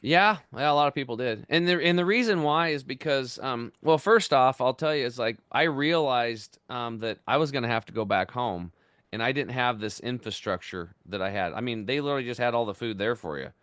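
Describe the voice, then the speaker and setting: A man in his fifties, a podcast guest, telling his story in an energetic, animated way. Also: medium pitch, brisk, clear, resonant tone, dry recording, studio quality. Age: 50s. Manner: energetic, animated, acts out quoted voices. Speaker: podcast guest, health entrepreneur. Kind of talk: casual storytelling interview.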